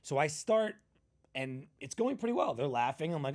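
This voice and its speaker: A male comedian guest, telling stand-up stories in a punchy, animated way and acting out the people in them. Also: normal speed. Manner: punchy storyteller, acts out quotes with big jumps in pitch. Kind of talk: animated storytelling chat.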